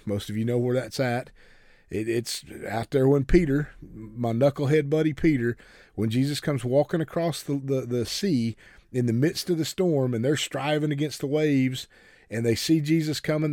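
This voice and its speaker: A man's voice: mid-range voice, animated, moderate pace, dark tone, dry recording, clean studio sound. A man preaching a folksy, earnest sermon, often repeating words as he starts a sentence.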